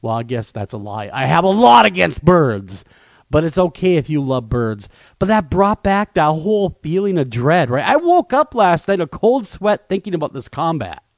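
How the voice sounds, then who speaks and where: A man co-hosting a talk radio show, telling a comedic, self-deprecating story in an animated way. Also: a little high, normal speed, dry recording.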